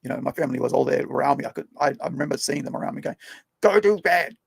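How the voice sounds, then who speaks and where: A man's voice: mid-range voice, monotone, very fast, vocal fry, darkish tone, slightly rough, dry recording. A young man hosting a podcast, telling stories in a rambling, conversational way and often tagging his sentences with questions. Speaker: podcast host. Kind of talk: casual storytelling chat.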